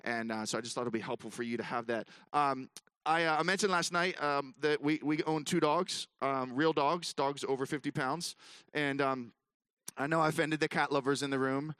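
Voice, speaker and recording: A man speaking at a ministry gathering, telling a funny story in an animated way with lots of fillers and restarts. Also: mid-range voice, normal speed, clean tone, dry recording. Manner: self-mocking humor. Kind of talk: storytelling talk to an audience.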